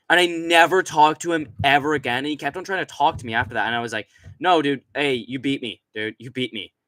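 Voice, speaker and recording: A man's voice: a little high, a bit bright, no room sound. A young adult man hosting a live stream, rambling crudely in casual chat, laughing often and reading out chat messages. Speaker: streamer host.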